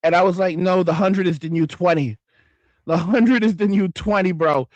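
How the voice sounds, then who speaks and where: New guy streaming, high voice, dry sound, cussing and rambling through chat comments. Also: moderate pace, darkish tone, no room sound, dull audio. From New York. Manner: profane, rambling, emphatic repetition. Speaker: livestream host. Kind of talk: casual livestream chat reading comments.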